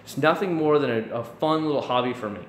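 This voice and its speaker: A man's voice: on the high side, fast talker. A man in his thirties from Florida, hosting a casual live stream, chatting with viewers in a rambling way full of restarts and fillers. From Central Florida. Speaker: YouTube live-stream host answering chat. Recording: echoey room with faint background noise.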